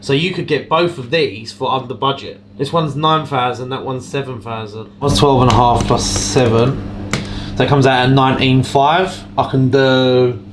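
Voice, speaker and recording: A man's voice: mid-range voice, steady tone, moderate pace, slight background noise. Chatty jeweller man. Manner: chatty, explains prices and tests step by step. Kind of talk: casual explaining to camera and customer. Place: jewellery shop.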